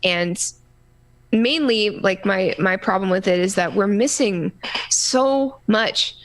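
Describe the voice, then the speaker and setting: A woman co-hosting a casual gaming podcast, talking in a rambling, halting way full of restarts and fillers. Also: medium pitch. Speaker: podcast co-host.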